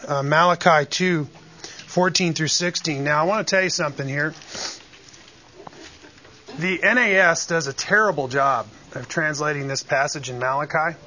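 A man's voice: on the high side, sharp tone, muffled recording. A man preaching a sermon, earnest and emphatic, with asides to the congregation. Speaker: pastor.

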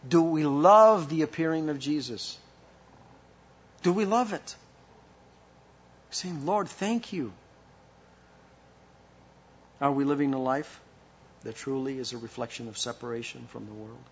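A man's voice: medium pitch, measured pace, pauses often, slight background noise. Impassioned male preacher, muffled recording. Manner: impassioned, rising and falling delivery with rhetorical questions. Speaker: pastor. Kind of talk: sermon.

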